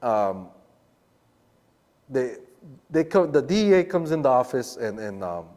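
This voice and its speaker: A man in casual conversation, mid-pitched and easygoing, talking in street slang and acting out the voices of others in his story. His voice hangs in a room with a long, lingering reverb. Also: big pitch swings, a little slow, darkish tone. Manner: laid-back street slang, acts out the quoted voices. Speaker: podcast guest.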